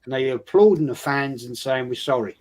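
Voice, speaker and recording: A man's voice: medium pitch, a little fast, a little mellow. A middle-aged man co-hosting a football stream, reminiscing about the old days of the terraces and acting out what players and fans said. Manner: reminiscing fan stories, acting out quotes. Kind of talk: casual football chat.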